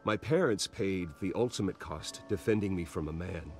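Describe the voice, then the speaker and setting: A guarded young heir with a very low voice. He speaks in a measured, earnest manner. Soft music sits under the game audio. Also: animated. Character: wealthy young male heir, calm and guarded.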